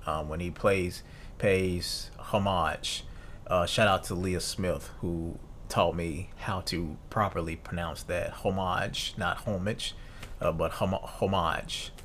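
A man's voice: low-pitched, fairly even intonation, takes it slowly, a bit bright, a little hiss or hum. A man in his thirties hosting a solo podcast, reading notes aloud and musing casually, with fillers and restarts. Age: 30s. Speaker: podcast host.

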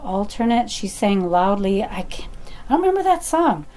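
Woman, middle-aged, personal story, animated, chatty, fillers and restarts. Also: medium pitch, normal speed, a little hiss or hum.

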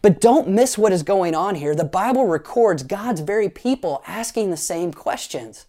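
Animated pastor man preaching. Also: high voice, moderate pace. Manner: animated storyteller, playful asides, leads the congregation in actions. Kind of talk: sermon.

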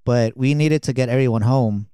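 Brief: laid-back man, mid pitch, smooth clear tone, rambling storyteller, dry sound. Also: normal speed, mellow, dry recording. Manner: rambling with many fillers, laughs at his own story. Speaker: friend telling stories. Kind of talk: casual chat.

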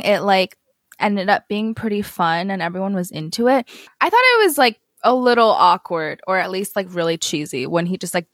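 A woman's voice: medium pitch, a bit bright, no room sound. Young woman on a podcast, snarky and loose, dry close mic. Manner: casual, sarcastic asides, filler-heavy. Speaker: podcast co-host. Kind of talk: casual chat.

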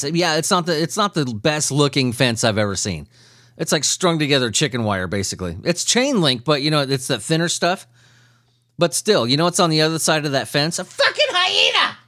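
A man with a slightly high voice hosts a comedy news podcast, recorded dry and at studio quality. He reads odd stories and rants animatedly, swearing a lot and laughing throughout.

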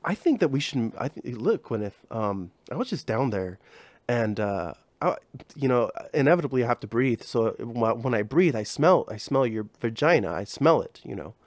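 A man's voice: mid-range voice, very animated, moderate pace, no room sound. A man voicing a lover who talks in an oddly formal, salesman-like way in a comedy bit. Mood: mock-serious pitching. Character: smooth-talking lover pitching a business idea.

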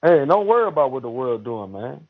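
A preachy man leans into his words and stretches out each exhortation. His voice sits at an ordinary middle pitch. It comes through narrow and tinny, like a phone line. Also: sing-song. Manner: preachy and emphatic, drawn-out exhortations. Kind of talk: casual religious chat.

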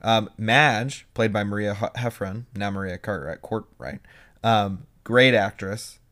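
A young man co-hosting a podcast, chatting casually and telling animated stories with quoted asides. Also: on the low side, unhurried. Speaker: podcast co-host. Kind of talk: casual chat.

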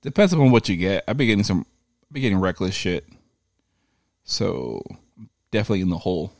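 A man with a low voice tells a rambling story in a loose, profane way and slips into voices for the people in it. The sound is dry and close. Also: fairly quick, no echo. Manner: profane, animated retelling with quoted voices. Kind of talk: casual storytelling chat.

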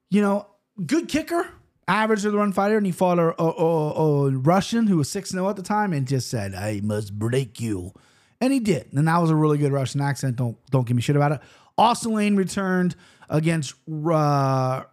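A man in his thirties talks through fight results in a loose, rambling host style. His voice sits a little high, and he trips over words while hurrying through betting picks and the odd curse. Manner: rambling, fast-talking with frequent restarts and swearing. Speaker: show host. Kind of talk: casual MMA betting commentary.

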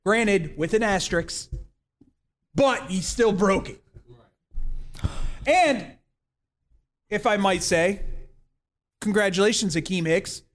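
A man's voice: high voice, takes it slowly, long pauses. A man co-hosting a podcast, teasing his friends in casual banter. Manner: joking, teasing. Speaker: podcast co-host.

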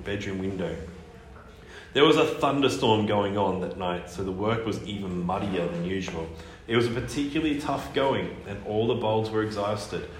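A man reading a children's book aloud in a lively storytelling manner. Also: on the low side. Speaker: reader. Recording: echoey room, faint noise.

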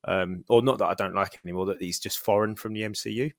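A man's voice: lowish voice, quick pace, vocal fry, dry recording, clean studio sound. A British man hosting a casual podcast chat, rambling with many restarts and fillers. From Britain. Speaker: podcast host.

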